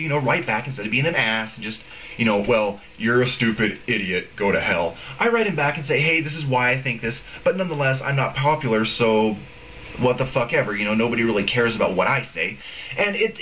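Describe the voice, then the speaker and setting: A man's voice: medium pitch, a bit bright, a little hiss or hum, low-quality recording. A young man ranting in a casual video blog, profane, rambling and sarcastic. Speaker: video blogger.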